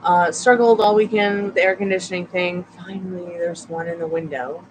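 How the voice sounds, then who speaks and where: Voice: medium pitch, steady tone, normal speed, slight background noise, low-quality recording. A tarot reader hosting a casual late-night live stream from a couch at home, chatting with viewers and the dog, sleepy and yawning.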